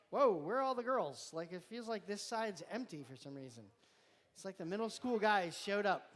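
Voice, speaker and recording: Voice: medium pitch, expressive, moderate pace, fairly bright tone. Chatty youth group leader joking with kids. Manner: chatty, rambling, joking, talks while chewing. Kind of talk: casual live-stream announcements to a youth group. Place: church youth room with students present.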